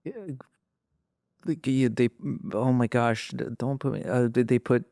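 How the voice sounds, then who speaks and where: A man's voice: mid-range voice, little pitch movement, measured pace, creaky, warm tone, no echo, clean studio sound. A man as a podcast guest, chatting casually with his wife, rambling and hesitant, often restarting his sentences. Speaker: guest, host's husband. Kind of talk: casual chat.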